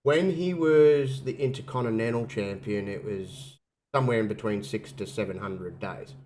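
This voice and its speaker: A man's voice: lowish voice, moderate pace, darkish tone, a little hiss or hum. A man hosting a casual wrestling chat while sick with covid, coughing now and then and rambling through restarts. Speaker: podcast host.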